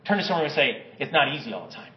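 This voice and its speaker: High-voiced preaching man in an echoey church. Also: big pitch swings, racing, slight background noise. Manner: impassioned, calls congregation to respond. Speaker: pastor. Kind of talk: sermon. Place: church sanctuary. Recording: echoey church, slightly dull sound.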